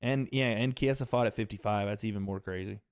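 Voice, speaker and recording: Man, livestream host, casual fight commentary, swears a lot, talks to chat, smooth clear voice, dry close sound. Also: on the low side, fairly quick, dry recording. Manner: loose, profane banter, talks to chat.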